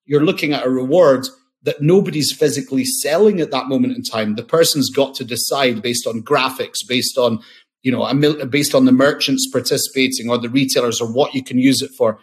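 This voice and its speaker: Speaking a little fast at medium pitch, a man who founded a company chats casually and eagerly as a guest on a podcast. In this relaxed interview, he often starts over and repeats himself.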